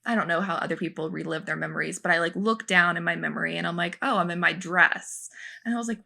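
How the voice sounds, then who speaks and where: A young woman chatting on a podcast with a low, gravelly voice and a bright, forceful edge. She tells stories from a film set in an animated, rambling way, leaning on lots of "like" and "um". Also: racing. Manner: animated storytelling, many fillers. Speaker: podcast co-host, former film extra. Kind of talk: casual podcast chat.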